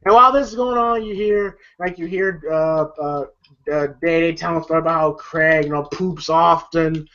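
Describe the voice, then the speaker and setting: A man's voice: a little high, fairly even intonation, moderate pace, fairly bright tone. Brief: man rambling through a movie recap, swearing a lot, lo-fi sound. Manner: rambling, profane, lots of fillers. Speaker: movie reviewer. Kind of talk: casual movie review vlog. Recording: dull lo-fi recording.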